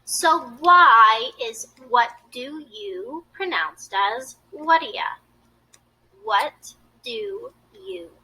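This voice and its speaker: High, lively woman tutoring pronunciation. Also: rough recording. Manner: clear, deliberate modeling of phrases. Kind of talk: scripted video lesson.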